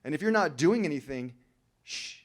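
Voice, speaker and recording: A young man speaking to a recovery meeting, telling his story in a slangy, animated way and acting out other people's lines. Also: fairly high pitch, a little fast. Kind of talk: storytelling speech to a crowd. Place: convention hall.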